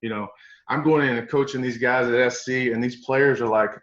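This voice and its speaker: A middle-aged man with an East Tennessee Southern accent recounts his coaching career in a folksy, animated way. His voice sits at an ordinary pitch. The recording is roomy and a bit dull. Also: brisk, a little hiss or hum. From East Tennessee, USA. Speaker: strength coach guest. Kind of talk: storytelling interview.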